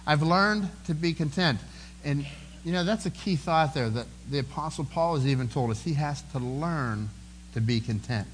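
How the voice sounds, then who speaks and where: A man preaching with a slightly raised pitch, talking to the congregation in an earnest, conversational way. He often doubles back on his words and repeats them. A faint hum sits under the recording. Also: lively intonation, normal speed, poor audio. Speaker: pastor. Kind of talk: sermon.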